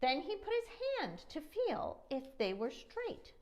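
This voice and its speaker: A woman librarian reading a picture book aloud to children, expressive and asking them questions. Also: high-pitched, slow, few pauses. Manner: expressive storytelling, asks young listeners questions.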